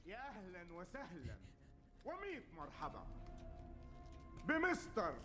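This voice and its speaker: A menacing militant boss rattles off his lines at a breakneck clip. His high voice leaps up and down with theatrical flair. He is a villain in a film scene. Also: wildly swooping pitch, racing, over music. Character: commanding male militant leader, menacing and theatrical. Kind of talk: film dialogue.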